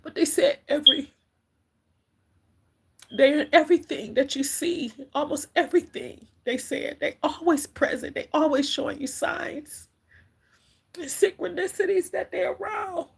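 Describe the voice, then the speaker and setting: This spiritual reader is a middle-aged woman whose high voice carries noticeable vocal fry. Speaking haltingly and with emotion on a livestream, she keeps calling her audience "collective."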